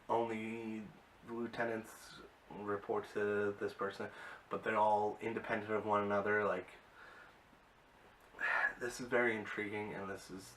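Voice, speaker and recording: A man's voice: fairly low pitch, a bit bright. A man casually recapping and reviewing a TV episode, rambling with many fillers and open enthusiasm. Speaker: video reviewer. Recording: distant mic with faint hiss.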